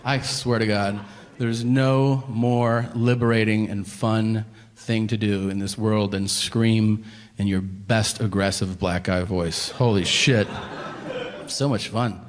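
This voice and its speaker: A man doing a stand-up set, acting out people in loud, high voices. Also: takes it slowly, a little hiss or hum. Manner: animated, acts out characters in loud high voices. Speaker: stand-up comedian. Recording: long hall reverb, faint ambience.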